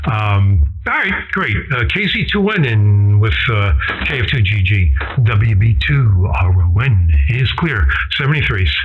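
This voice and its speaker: A man's voice: lowish voice, very animated, unhurried, hardly any pauses, husky, narrow, tinny audio, soft background music. A man chatting cheerfully and at length as an amateur radio operator, heard through a radio transmission. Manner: rambling, cheerful. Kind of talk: casual ham radio chat.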